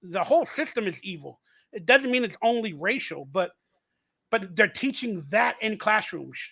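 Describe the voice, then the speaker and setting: A man speaks in a strikingly high, bright, forceful voice during a casual podcast conversation. He talks in long, rambling, argumentative runs and hammers home each point with emphasis. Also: lively intonation, moderate pace, gravelly, slightly rough.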